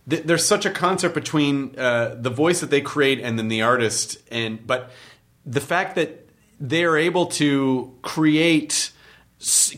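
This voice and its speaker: A man's voice: mid-range voice, fairly bright tone. A man hosting a podcast interview, talking enthusiastically in long, rambling turns full of fillers. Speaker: podcast host. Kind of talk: casual interview chat.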